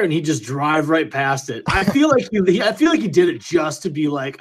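A man in his twenties hosting a podcast, chatting casually and telling animated stories full of quoted voices. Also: on the high side, fairly quick, hardly any pauses. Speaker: podcast host.

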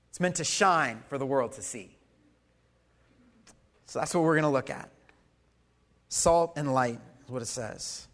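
Guy preaching at church, kinda high voice, gets loud then drops quiet, chatty with the crowd. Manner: animated, swings from loud emphasis to soft asides; conversational, with fillers and audience questions. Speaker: pastor. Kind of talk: sermon. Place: church service.

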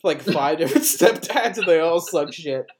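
A man's voice: a little high, lively intonation, moderate pace, a crowd in the background. Laughing, swearing podcast host guy. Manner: laughing, profane, rambling anecdotes. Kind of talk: casual chat, storytelling.

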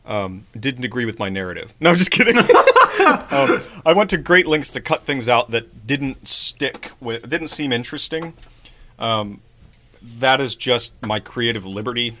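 A man co-hosting a casual comedic podcast, reacting excitably, rambling and poking fun at himself. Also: medium pitch, moderate pace. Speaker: podcast co-host.

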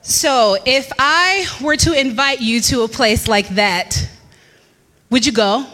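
A woman in her thirties telling a lively personal story to a church congregation, laughing often and acting out what people said. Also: high-pitched, slow, long reverb tail. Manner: animated storyteller, laughs often, acts out quotes. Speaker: church speaker. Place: church hall.

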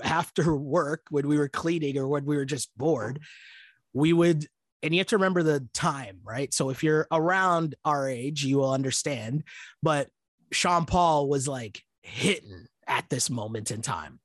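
A man's voice: on the high side, measured pace, no room sound, clean studio sound. A man from Canada co-hosting a podcast in casual chat, chatty and self-mocking, laughing often. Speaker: podcast co-host.

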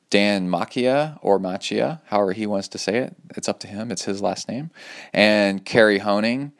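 A man with a low, deep voice hosts his own podcast in a loose, rambling style, full of "uh"s and "um"s. He sounds upbeat and enthusiastic as he talks through his news. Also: clean tone. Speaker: podcast host. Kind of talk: casual solo podcast talk with sponsor read.

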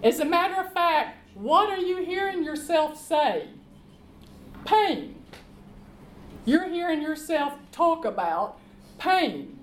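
A woman preaching a sermon, reading scripture slowly and emphatically and calling the congregation to respond. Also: very high-pitched, animated. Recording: echoey room with faint background noise.

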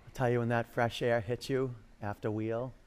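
A man's voice: mid-range voice, little pitch movement, moderate pace, darkish tone, smooth. A man teaching a power yoga class in a studio, calling out counts and cues and telling rambling stories between poses.

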